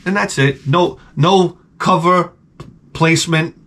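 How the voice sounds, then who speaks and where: A man telling a rambling, profane comic story with deadpan asides, as a vlogger. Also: fairly high pitch, measured pace, slight background noise.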